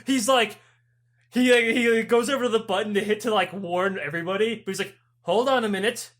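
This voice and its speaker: High-voiced young man telling profane stories. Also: a little fast. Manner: profane, animated storytelling with voiced characters. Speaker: podcast co-host. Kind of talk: casual chat.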